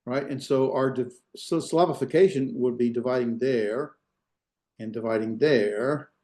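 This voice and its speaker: A male instructor lecturing to an online class at a medium pitch. He explains patiently and keeps checking in with his students by asking "right?" His voice carries the roomy echo of a hard-walled space. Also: moderate pace, warm tone.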